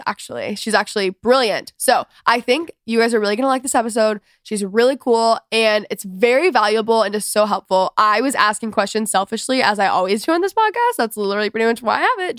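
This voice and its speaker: A woman's voice: medium pitch, no echo, clean studio sound. A young woman from Texas hosting a podcast in casual chat, bubbly and rambling with lots of "oh my gosh" and "like". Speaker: podcast host.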